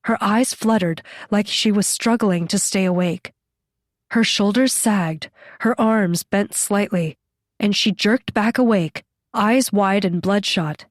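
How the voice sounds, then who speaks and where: A woman reading an audiobook as its narrator, in a measured, scripted delivery. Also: medium pitch, dry recording, studio quality.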